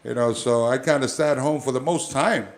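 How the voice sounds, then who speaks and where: A man's voice: medium pitch, normal speed. A man, a former pro wrestler, telling stories as a guest in a casual interview, rambling with many fillers and restarts.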